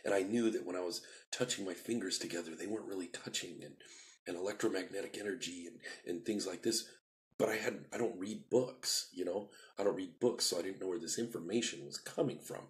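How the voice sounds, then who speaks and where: A man with a voice that sits low tells his life story on a live video stream. He rambles and repeats himself, acts out quoted dialogue, and leans hard on some words while rushing through others.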